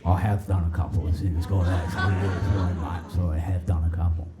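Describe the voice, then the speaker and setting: A man's voice: sits low, little pitch movement, brisk, over loud music, pitched below the performer's own voice, close to an everyday voice. A comedian voicing a sheepish, apologetic young man who has just died. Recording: live club with crowd laughter.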